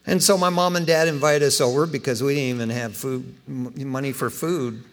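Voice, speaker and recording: A man in his fifties preaching a folksy, animated sermon as pastor, acting out dialogue as he tells stories. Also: medium pitch, a little fast. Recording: long hall reverb.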